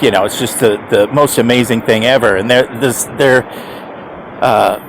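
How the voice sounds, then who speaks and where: A man's voice: mid-range voice, normal speed, noisy background. A man over fifty rambling casually to camera, chuckling often and restarting his sentences with emphatic repeats. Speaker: e-bike rider vlogger.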